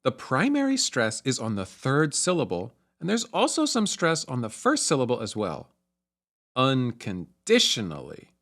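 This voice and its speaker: A man narrating a music theory lesson, explaining in a clear, measured way. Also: medium pitch, wildly swooping pitch, a bit bright.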